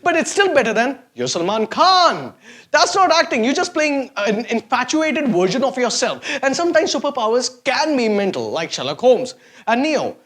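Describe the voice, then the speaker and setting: A man's voice: very high voice, sing-song, normal speed, fairly bright tone. A man hosting a sarcastic, mocking comedy rant to camera. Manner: sarcastic, mocking, exaggerated swings of voice. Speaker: host.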